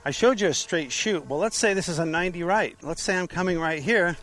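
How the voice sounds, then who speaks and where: A man with a voice a little higher than usual walks through motorcycle cone patterns on an outdoor training lot. He explains in a practical way, asking his own questions and answering them. Faint outdoor noise sits behind him. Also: brisk, a bit bright, poor audio. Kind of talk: outdoor instructional walkthrough.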